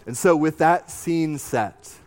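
A pastor with a slightly high voice preaches slowly, reading scripture and breaking in with lively, conversational asides that lean toward humor.

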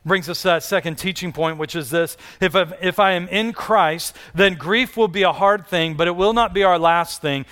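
High, smooth-voiced man preaching. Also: normal speed, few pauses, fairly bright tone. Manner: conversational preaching with repeated words and restarts. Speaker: pastor. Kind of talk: sermon. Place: large church hall with congregation.

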